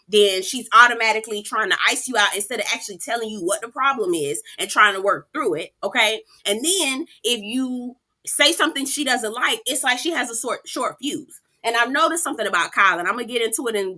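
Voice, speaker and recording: A woman giving a sassy, animated recap of a reality TV episode, talking straight to her viewers. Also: fairly high pitch. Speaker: reality TV reviewer. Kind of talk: casual recap commentary.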